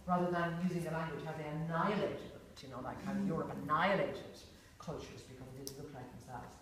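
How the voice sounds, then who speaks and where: A woman's voice: low voice, quick pace. Woman teaching in an echoey room. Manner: chatty, many "you know"s, acts out little voices. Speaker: workshop facilitator. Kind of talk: informal workshop talk. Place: large echoey room with a group. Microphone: distant room mic. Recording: echoey room, far from mic, faint hiss.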